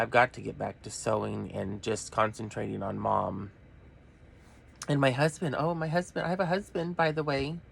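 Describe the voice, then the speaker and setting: Gravelly middle-aged guy venting, swears a lot, rambles all over the place. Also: mid-range voice, a bit bright. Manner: blunt, profane, rambling off topic. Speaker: vlogger. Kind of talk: rambling rant to camera.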